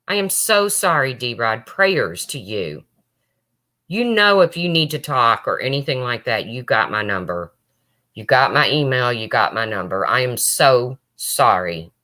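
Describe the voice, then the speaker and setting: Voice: medium pitch, very animated, unhurried, bright, forceful tone. A livestream host talking emotionally to viewers and answering chat, close to tears. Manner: emotional, talks straight to viewers.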